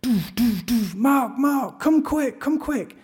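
A man quoting the words of his partner, a worn-out woman who turns frantic, shouting for help from afar. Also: very high voice, expressive, slow, breathy edge, voice pushed up, heavily acted. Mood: panicked.

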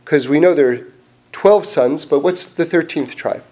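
A man giving a casual Torah class, animated and chatty, full of fillers and restarts. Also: on the high side, a little slow. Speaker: Torah teacher.

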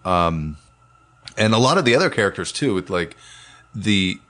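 Speaking at a moderate clip in a low, slightly bright voice, this very animated man is an animation producer co-hosting a podcast. His casual chat is profane and enthusiastic, full of rambling and restarts.

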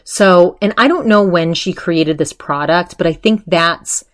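A woman's voice: fairly low pitch, unhurried. A woman hosting a podcast, chatting casually as she retells a story, full of fillers and quoted voices. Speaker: podcast host.

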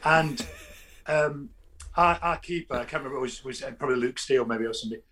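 A man, a football fan guest telling animated stories in casual chat, often restarting his sentences. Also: medium pitch, fast. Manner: animated storytelling, frequent restarts.

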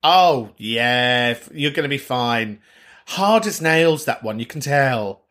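A man's voice: medium pitch, measured pace, a bit bright. A man hosting a podcast, chatting casually and swearing freely as he reacts to listener messages. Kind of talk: casual chat.

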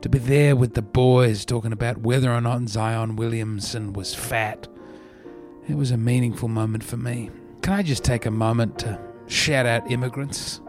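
A man's voice: medium pitch, fairly even intonation, moderate pace, darkish tone, soft background music. An Australian man hosting a comedy podcast, telling meandering stories in a dry, self-mocking way. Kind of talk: rambling comedic podcast monologue.

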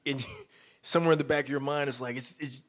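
A man's voice: mid-range voice, fairly even intonation, brisk, fairly bright tone. A man chatting casually about a movie with friends, joking around and saying "like" a lot. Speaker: podcast co-host.

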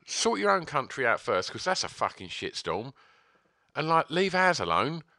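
A man's voice: medium pitch, sing-song, moderate pace, sharp tone, dry recording, clean studio sound. A man co-hosting a casual podcast chat, blunt and sweary, often stammering through restarts. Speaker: podcast co-host.

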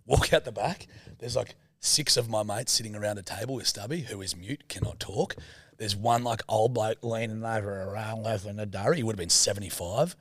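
A man's voice: fairly low pitch, a little fast, no room sound, studio quality. A man in his thirties with an Australian accent, telling a rowdy story in casual chat, swearing freely and acting out the voices of the people in it. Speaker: podcast co-host.

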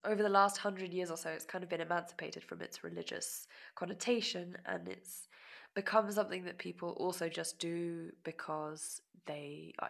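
A woman guitarist as a guest, candidly recounting a personal story, often laughing at herself and sometimes dropping to a soft murmur. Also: lowish voice, creaky. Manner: reflective, frequent self-conscious laughs, drops to soft murmurs.

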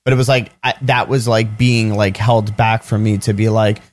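A man's voice: lowish voice, level tone, normal speed. A man co-hosting a podcast in casual chat, hesitant and full of "like" fillers. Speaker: podcast co-host.

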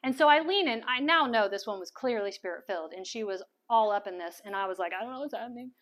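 A woman telling a personal testimony as a sermon, animated and full of stammered restarts. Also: mid-range voice, quick pace. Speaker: speaker sharing testimony. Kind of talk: sermon storytelling.

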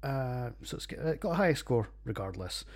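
A man's voice: medium pitch, sing-song, normal speed. A man with a Scottish accent hosting a casual solo podcast, rambling and jokey with plenty of swearing. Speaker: podcast host reviewing beers.

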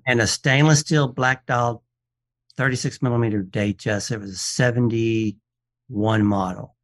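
A man telling stories on a radio talk show, quoting the people in them and often restarting his sentences. His pitch sits in the middle for a man. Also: measured pace. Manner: animated storyteller, quotes people in dialogue, frequent restarts. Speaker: watch expert and appraiser, guest. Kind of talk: casual radio show storytelling.

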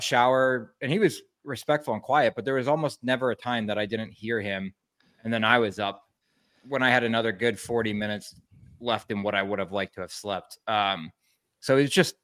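A man chats on a sports talk show, retelling his playing days with self-mocking humor and frequent stammered restarts. His voice sits at an everyday middle pitch. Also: fairly quick, a bit bright. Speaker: podcast co-host, former hockey player.

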